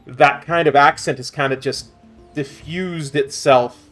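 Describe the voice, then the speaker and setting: A man's voice: medium pitch, fairly even intonation, a little slow, fairly bright tone, faint music behind. A middle-aged man with a Canadian accent, chatting casually as a streamer while he plays a game. He talks in a rambling way and often repeats words as he searches for his point. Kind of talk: casual chat while gaming.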